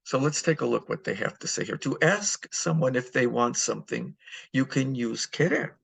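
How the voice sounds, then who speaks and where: Gravelly husky man teaching a lesson. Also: medium pitch, fairly bright tone. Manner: patient, repeats phrases slowly, many fillers. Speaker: Spanish teacher. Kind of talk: recorded online lesson walkthrough.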